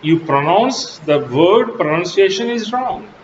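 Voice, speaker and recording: This recorded college lecture comes from a male English teacher, a native Telugu speaker, who teaches slowly and with emphasis, his pitch leaping sharply on important words. Steady background noise runs through the dull, low-fidelity recording.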